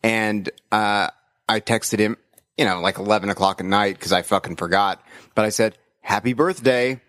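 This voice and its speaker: A middle-aged man with a fairly low voice rambles through casual podcast talk, swearing freely and restarting his sentences. The recording is dry and close, with no room sound. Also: steady tone, a bit bright, no echo. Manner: rambling, profane, halting restarts. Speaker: podcast co-host. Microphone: remote call.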